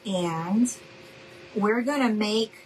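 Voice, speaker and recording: Slow-talking friendly craft host woman. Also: medium pitch, a little hiss or hum, poor audio. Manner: chatty, friendly, addresses viewers as y'all. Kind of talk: casual live crafting demo.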